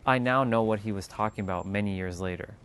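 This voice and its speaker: A man hosting a casual spiritual livestream, talking in a calm, unhurried way that turns loose and profane at times. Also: on the low side, clean tone. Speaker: livestream host.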